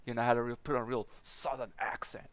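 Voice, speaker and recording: A man's voice: medium pitch, little pitch movement, fast, no echo. A man chatting casually while gaming, a rambling storyteller who chuckles often, with a non-American English accent. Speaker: gaming streamer.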